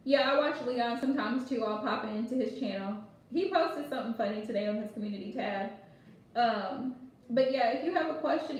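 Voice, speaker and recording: A high-voiced woman chats loosely on a live stream as a tarot reader, rambling and laughing often. She sits back from the mic in a very echoey room, with a faint hiss of noise behind her. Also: darkish tone, distant mic. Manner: chatty and rambling, laughs often, many fillers. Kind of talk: casual live-stream chat.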